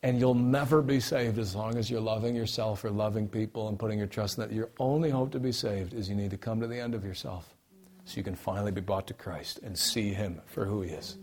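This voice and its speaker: A man with a husky, somewhat breathy voice preaches a sermon. He drops low and quiet, then surges loud and emphatic, repeating his key phrases to press each point home.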